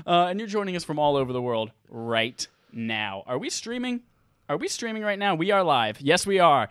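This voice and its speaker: Lively, bright-voiced man hosting a podcast. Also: a little high, moderate pace, clean tone, no echo. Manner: energetic, crude and joking, laughs often. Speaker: podcast host. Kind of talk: casual livestream podcast chat. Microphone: headset mic.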